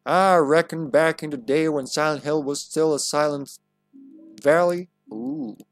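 A man's voice: mid-range voice, moderate pace, dry recording, soft background music, lightly acted. A man voicing a teenage girl heroine with a folksy Southern drawl, spinning tall tales.

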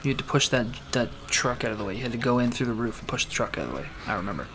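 A man's voice: medium pitch, expressive, rapid-fire, background noise. A man giving casual, joking commentary while he plays a video game. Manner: laid-back, joking. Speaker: gamer. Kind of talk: casual let's-play commentary.

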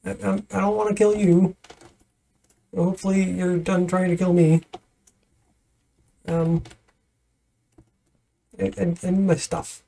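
Slow-talking gravelly woman streamer. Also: fairly low pitch, little pitch movement, warm tone. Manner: nervous laughs, talks to game creatures. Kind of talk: casual let's-play commentary.

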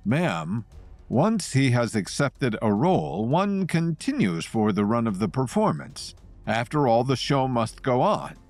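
A man voicing a large grizzled male kidnapper who speaks calmly and politely, with a slight lisp. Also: medium pitch, unhurried, no echo, soft background music. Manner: polite, formal, theatrical.

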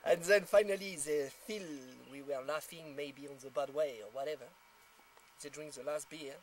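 A man from France with a French accent tells a casual anecdote in English, laughing often and acting out the people he quotes. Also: fairly high pitch. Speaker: storyteller.

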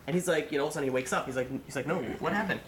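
A man's voice: mid-range voice, very fast. Rabbi guy rattling through a sermon story, lots of you know, echoey room w faint hum. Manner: animated, acts out quotes, many fillers.

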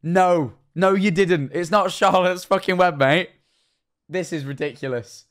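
A man's voice: high-pitched, unhurried. A young man streaming live, reacting to viewer clips with rambling, incredulous commentary and frequent swearing.

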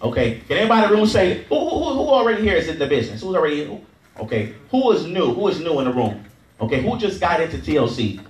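A very animated man with a slightly high voice moves at a quick pace as he trains a sales-event crowd, repeating himself and leading chants and okays in call-and-response. It's recorded from a distance in an echoey hall full of people.

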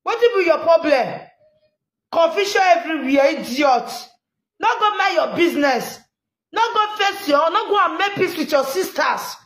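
A woman with a Nigerian Pidgin accent giving animated, scolding commentary, laughing often and repeatedly urging viewers to like and share. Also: very high voice, reverberant. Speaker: commentary vlogger. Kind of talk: live social media commentary.

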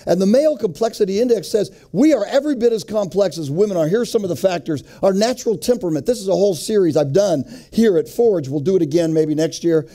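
A man's voice: high voice, expressive, quick pace, few pauses, mellow. A middle-aged man giving a joking, sermon-style talk to a men's group, often putting questions to the audience. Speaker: men's ministry speaker.

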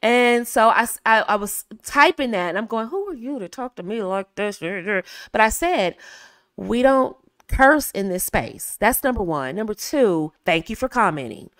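A woman's voice: medium pitch, fairly bright tone, no echo, studio quality. A woman from the American South with a Southern accent, giving casual advice in a chatty way, laughing often and acting out phrases. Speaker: video host.

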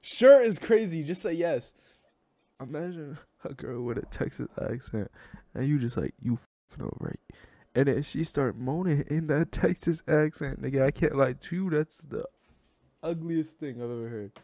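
A man's voice: fairly high pitch, normal speed, warm tone, no room sound. A young man roasting strangers in a casual video chat, brash and teasing, laughing often, on his own desk microphone.

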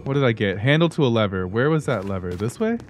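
A man's voice: medium pitch, lively intonation, fast. A man giving let's-play commentary on a horror game, talking to himself and breaking into startled yelps and gasps. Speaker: gaming YouTuber. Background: game music.

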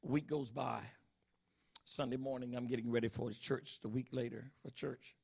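A man's voice: mid-range voice, fairly even intonation, moderate pace, vocal fry, a little mellow, husky. A middle-aged man preaching a sermon as pastor, emphatic and full of rhetorical questions to the congregation.

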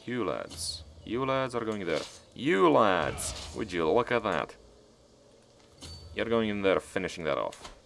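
A man's voice: lowish voice, animated, unhurried, creaky, a little hiss or hum. A man giving casual, profane gameplay commentary as a let's-player, talking back at the game as he plays.

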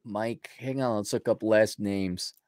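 On a livestream, this male co-host speaks a little slowly in a fairly low, steady, slightly mellow voice. His manner is jokey and relaxed, and his thoughts tend to drift off mid-sentence as he muses aloud. It's a dry, clean studio recording.

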